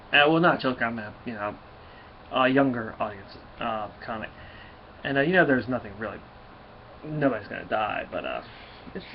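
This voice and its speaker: A man with a mid-range voice talks through a comic in a loose, rambling way, full of fillers and restarts. The recording sounds muffled and lo-fi, with a faint hiss underneath. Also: mid-range voice. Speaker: comic book reviewer. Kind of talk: casual comic review.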